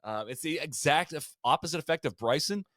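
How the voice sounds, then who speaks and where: A man's voice: a little high, a little fast, dry recording, clean studio sound. Chatty man recounting golf history. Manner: animated storyteller, frequent fillers and restarts. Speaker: podcast co-host. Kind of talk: casual golf history chat.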